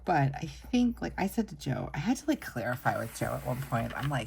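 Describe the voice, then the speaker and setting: A woman's voice: low-pitched, lively intonation, brisk, vocal fry, a little mellow, a little hiss or hum. A woman chatting casually to camera while she sets up her weekly planner, rambling and upbeat. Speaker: planner vlogger. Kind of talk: casual plan-with-me chat. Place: home desk. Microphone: camera set low on the desk.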